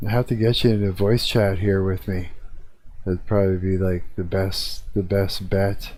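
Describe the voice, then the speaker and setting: Young male streamer, chatty profane ranter, low dark-toned voice, desk mic. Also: little pitch movement, moderate pace. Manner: profane, rambling, chatty with viewers. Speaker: live streamer. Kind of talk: casual live-stream rant. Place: hot apartment room with a fan. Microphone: desk mic at computer.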